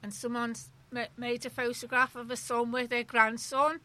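Bright, higher-voiced woman, agreeable casual talker. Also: little pitch movement, normal speed. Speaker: group discussion member. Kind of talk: casual chat.

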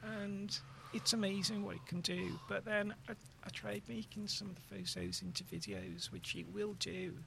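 Woman, very gravelly voice, frank, casual chat. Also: medium pitch, fairly even intonation, normal speed, few pauses, fairly bright tone, slight background noise.

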